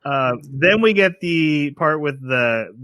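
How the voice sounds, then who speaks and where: Bright, dry-sounding male podcast co-host. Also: fairly high pitch, takes it slowly, no room sound. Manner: animated, retells scenes with quoted voices and laughs. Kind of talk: casual chat.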